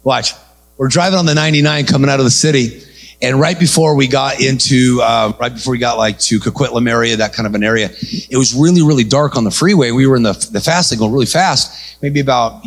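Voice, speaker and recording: A man preaching an energetic sermon, telling a story and calling out to the congregation. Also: mid-range voice, fast talker. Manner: animated, calls out to congregation.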